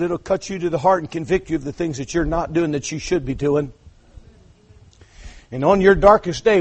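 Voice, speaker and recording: A man preaching an impassioned sermon, dropping to hushed asides and then building to shouted climaxes. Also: high-pitched. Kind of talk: revival sermon.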